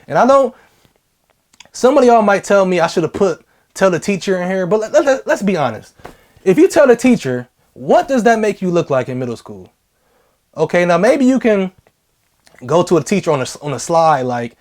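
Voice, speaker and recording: A man's voice: a little high, animated, a little fast, darkish tone. A young adult man giving blunt, slangy advice in a casual vlog, repeating key phrases for emphasis.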